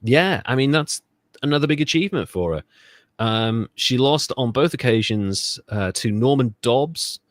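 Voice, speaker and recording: A man's voice: mid-range voice, expressive, normal speed, dry recording, clean studio sound. A man from Britain co-hosting a history podcast, telling the story in a sardonic, profane, rambling way. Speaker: podcast co-host. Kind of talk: casual podcast chat.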